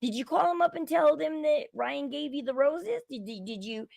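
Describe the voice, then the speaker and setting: Indignant high-voiced woman commentator. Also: lively intonation, normal speed, creaky, darkish tone, dry recording. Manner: indignant, opinionated, repeats herself while building a point. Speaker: show host. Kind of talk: commentary on a reality show.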